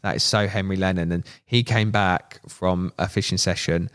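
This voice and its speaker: A man, a podcast guest, telling animated anecdotes in casual chat, swearing freely and acting out quoted voices. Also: low voice, normal speed, clear, resonant tone, no room sound, studio quality. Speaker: podcast guest, media manager.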